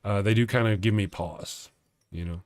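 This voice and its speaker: A man's voice: on the low side, normal speed, no echo, clean studio sound. A man hosting a live stream in casual chat, rambling and chuckling as he reads viewer comments aloud. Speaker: live-stream show host.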